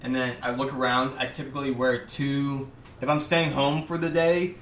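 Young man, podcast guest, deadpan rambler with lots of filler words, recorded in a roomy space away from the mic. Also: medium pitch, normal speed, a little hiss or hum. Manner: rambling, deadpan step-by-step storytelling with many fillers. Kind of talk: casual chat. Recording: roomy, distant mic with faint ambience.

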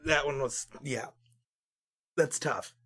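A man co-hosting a podcast in casual chat, sarcastic and quick to laugh. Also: medium pitch. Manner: animated, sarcastic, laughs often. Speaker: podcast co-host.

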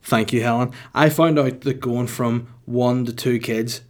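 A man's voice: mid-range voice, fairly even intonation, unhurried. A man in his thirties hosting a solo podcast, rambling crudely and jokingly with lots of swearing. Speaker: podcast host.

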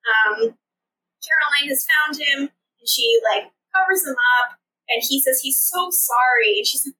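A young woman with a high, bright voice that swings widely in pitch as she recaps a show, sarcastic and animated, swearing freely. She sits a little back from the mic, with a faint hiss underneath. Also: moderate pace, recorded from a distance, rough recording. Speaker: podcast host. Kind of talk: casual recap chat.

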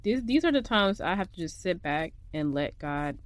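A woman's voice: lowish voice, normal speed. Frustrated young woman venting on her podcast. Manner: emotional, animated, laughing through frustration. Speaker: podcast host. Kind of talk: casual venting monologue. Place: makeshift home studio in parents' house.

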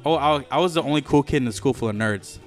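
A man's voice: medium pitch, fast talker, faint music behind. A young man telling a rambling, profane story in casual podcast chat, full of fillers and restarts. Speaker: podcast co-host.

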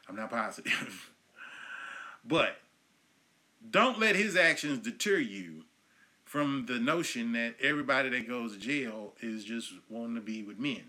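A man in his thirties hosting his own comedy podcast, ranting profanely and swinging between low mutters and loud yelling. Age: 30s. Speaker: podcast host.

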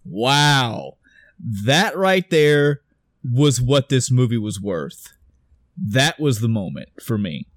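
A man in a casual podcast chat recapping a movie scene, excited and profane, acting out his own reactions as he tells it. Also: mid-range voice, takes it slowly, no room sound, clean studio sound. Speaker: podcast co-host.

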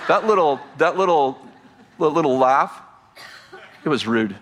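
A man preaching a sermon, animated and joking as he tells stories to his congregation. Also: on the high side, measured pace, slight background noise. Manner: animated, storytelling with humor and asides. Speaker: pastor.

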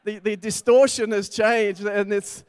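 A middle-aged pastor delivering a sermon with a smooth, resonant voice pitched a little higher than most men. He talks it through like a conversation, weaving in stories from his own family life. The sound is close and dry, with almost no room echo. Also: little pitch movement, unhurried. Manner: conversational preaching with personal stories. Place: church.

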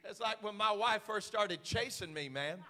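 High, bright-voiced preaching man. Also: normal speed, long reverb tail. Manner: swings from hushed asides to shouted preaching. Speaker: pastor. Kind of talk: sermon.

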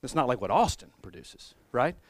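A man's voice: medium pitch, very animated, moderate pace, no echo. A male pastor preaching a sermon in a conversational, humorous and musing way.

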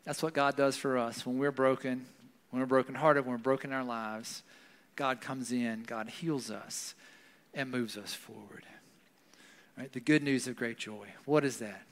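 Long hall reverb fills the recording as a male pastor delivers a conversational sermon in a church hall. His medium-pitched voice is steady in tone and moderately paced, with a Southern US accent, and he frequently adds "right?"

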